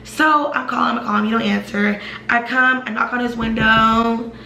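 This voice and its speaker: A young woman rattles through a personal story in a fast, chatty storytime style, packed with fillers and asides. Her voice is bright and sits a little high. The room gives it a roomy echo. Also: creaky, a little hiss or hum. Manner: fast, animated, lots of fillers. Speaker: vlogger telling a personal story. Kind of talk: casual storytime.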